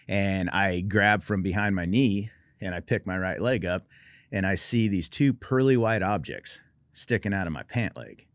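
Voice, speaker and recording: This guest, a middle-aged veteran from Oregon, USA, shares his own story conversationally, dry-humored and self-deprecating. His voice is low-pitched, and the clean studio recording has no room sound.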